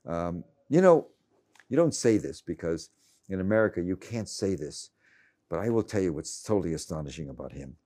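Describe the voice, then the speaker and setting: Warm and low-pitched, the voice belongs to a late-seventies journalist guest in conversation, with lively intonation and a moderate pace. He wanders crankily through his answers, frequently stammering and starting over.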